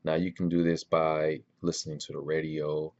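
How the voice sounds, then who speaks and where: Man, very deep voice, rambling casual advice, lots of ums, dull lo-fi recording. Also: normal speed. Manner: relaxed, rambling, many ums and restarts. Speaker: language learning vlogger.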